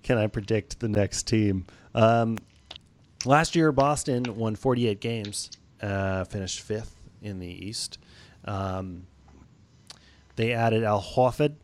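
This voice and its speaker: A man's voice: on the low side, takes it slowly, a little mellow, slight background noise. A man co-hosting a casual sports podcast, joking and laughing often, loose and a little profane. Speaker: podcast co-host.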